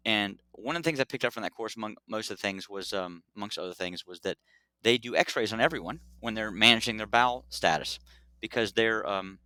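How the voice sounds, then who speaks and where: A middle-aged man tells the story of his medical work in an easy, animated way, slipping into quick dialogue. His voice sits a bit low but sounds bright, and it is recorded close and dry. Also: clear, resonant tone, no room sound. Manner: animated, acts out dialogue, laughs often. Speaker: pediatric urologist guest. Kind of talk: casual storytelling interview.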